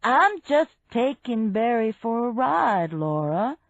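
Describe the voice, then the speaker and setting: A woman voicing an easygoing, stubborn man on his boat who calls out in relaxed, drawn-out lines. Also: mid-range voice, husky, no room sound, muffled recording, heavily acted. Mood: breezy.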